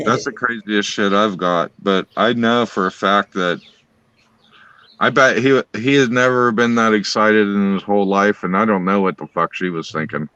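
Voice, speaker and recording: A man spins a long story in a bright, forceful voice, swearing in nearly every sentence and piling one aside on top of another. The sound is dry and close, with almost no room around it. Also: fairly low pitch, moderate pace, smooth, no room sound, lo-fi sound. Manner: rambling, swears constantly, animated retelling. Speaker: storyteller on a live stream. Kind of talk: casual profane storytelling.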